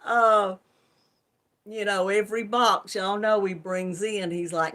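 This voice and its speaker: A woman's voice: mid-range voice, steady tone, takes it slowly, long pauses, a bit bright. A woman hosting a crafting channel, chatting casually on a live stream, laughing often and greeting viewers by name.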